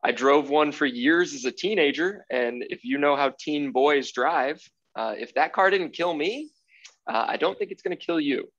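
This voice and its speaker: A young man, a guest automotive writer, chatting casually on a podcast, explaining cars in a relaxed way with small laughs. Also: on the high side, moderate pace. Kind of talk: casual podcast chat over video call. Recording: muffled lo-fi call audio.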